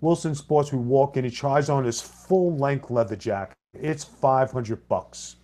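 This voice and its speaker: A middle-aged man telling an anecdote in a plain, blunt way, his voice sitting at an ordinary pitch. He plays both sides of the dialogue in his own voice. It's unpolished and conversational. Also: measured pace, mellow. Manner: plain-spoken, blunt, with mild cursing. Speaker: former pro wrestler and co-host.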